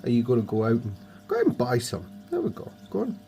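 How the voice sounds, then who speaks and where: A man with a hoarse, fading voice, muttering to himself and joking at his own expense as he builds toy models. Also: mid-range voice, wildly swooping pitch, fast, mellow, faint music behind. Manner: muttering to himself, self-deprecating. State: hoarse, voice going. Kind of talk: casual build commentary.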